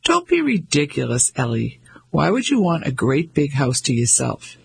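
A man with a raspy voice playing a pompous, patronizing English husband in his fifties who blusters hastily. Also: a little high, huge pitch swings, moderate pace, a little hiss or hum, full character voice, poor audio. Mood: dismissive. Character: pompous 55-year-old English banker husband.

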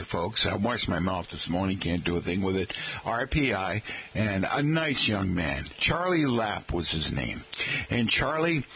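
A man with a low, deep voice talks on his radio show. He rambles through stories and keeps breaking off to address his listeners directly. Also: fairly bright tone, slight background noise, low-quality recording. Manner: rambling, anecdotal, chatty asides to listeners. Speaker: radio host. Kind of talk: talk radio monologue.

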